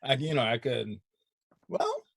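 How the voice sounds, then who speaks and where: A man's voice: medium pitch, huge pitch swings, a little slow, vocal fry, slightly rough, no echo. A man hosting a casual chat show, laid-back and slangy, laughing often. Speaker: show host.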